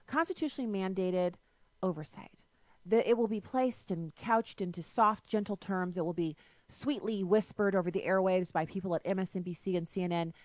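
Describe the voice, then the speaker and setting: A woman's voice: mid-range voice, fairly bright tone, no echo. A woman hosting a political talk radio show, delivering a sarcastic, emphatic monologue into a studio microphone.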